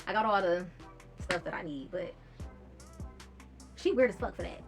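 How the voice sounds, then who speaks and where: A woman's voice: medium pitch, lively intonation, brisk, long pauses, fairly bright tone, faint music behind. A young woman, telling a personal story in a casual storytime vlog, blunt and profane, reading out text messages with bursts of laughter.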